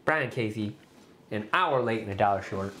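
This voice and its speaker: A man's voice: lowish voice, animated, moderate pace, bright, forceful tone. A man co-hosting a whiskey livestream, dry and teasing, reading out viewers' names in casual banter.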